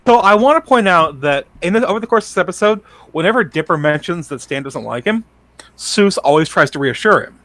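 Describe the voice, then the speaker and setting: A man's voice: sits high, lively intonation, brisk, a bit bright, no room sound. A man co-hosting a podcast, chatting casually and adding trivia asides about a cartoon. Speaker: podcast co-host. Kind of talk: casual recap chat.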